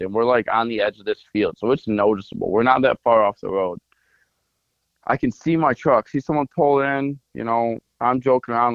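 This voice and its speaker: A man's voice: mid-range voice, no room sound, lo-fi sound. A man on a podcast, casually telling a long hunting story full of fillers. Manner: rambling storyteller, lots of "like" fillers. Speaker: podcast co-host.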